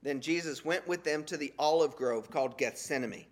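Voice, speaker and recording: Man preaching a casual, animated sermon. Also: on the high side, moderate pace. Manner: conversational, animated paraphrasing of scripture in casual slang.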